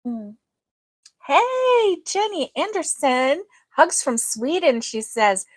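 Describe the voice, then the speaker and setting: A woman hosting a casual crochet livestream, chatting slowly with lots of ums and greeting viewers by name. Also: high-pitched, big pitch swings, dry recording. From United States.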